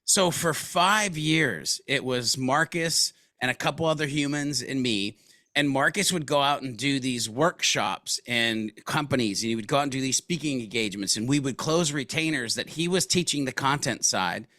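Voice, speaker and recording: Recorded in a studio with no room sound, a man speaks at normal speed and medium pitch as a guest in a business interview. He's a lively storyteller, slangy and casual, who performs the lines he quotes.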